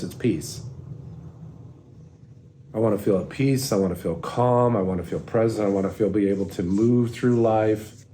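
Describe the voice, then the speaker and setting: A man in his forties talks in a low, mellow voice. He is an earnest, soft-spoken life coach who reflects aloud and often stops to restart his sentences. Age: 40s. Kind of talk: reflective monologue.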